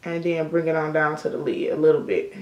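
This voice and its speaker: A woman's voice: deep voice, a little fast, a little mellow, reverberant, lo-fi sound. A young woman chatting casually through a makeup tutorial, telling stories with a lot of swearing. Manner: chatty storytelling with frequent swearing. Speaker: beauty vlogger. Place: indoor room at sunset.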